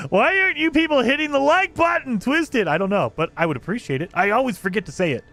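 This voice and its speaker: A man's voice: very high-pitched, lively intonation, moderate pace, vocal fry, a bit bright. A man chatting casually on a live stream, reading chat aloud, laughing often and restarting his sentences.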